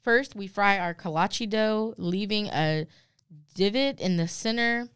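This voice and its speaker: A woman's voice: medium pitch, measured pace, a bit bright, clean tone, dry recording, studio quality. A woman co-hosting a casual podcast, reading fair food descriptions aloud with playful asides and easy laughter. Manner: reads menu blurbs aloud with playful asides, laughs easily. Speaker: podcast co-host.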